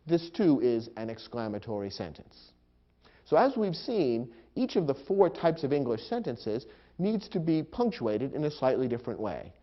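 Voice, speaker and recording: Lively-voiced man teaching grammar, lo-fi. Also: mid-range voice. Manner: measured, explanatory, reads example sentences with expressive emphasis. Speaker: grammar instructor. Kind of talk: scripted educational narration. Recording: dull lo-fi recording.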